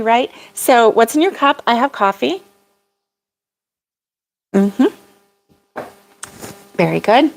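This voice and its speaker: A woman's voice: on the high side, lively intonation, slow, pauses often. Rambling, laughing older woman host. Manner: rambling, laughs often, reads viewer comments aloud. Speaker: crochet vlog host. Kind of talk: casual livestream chat.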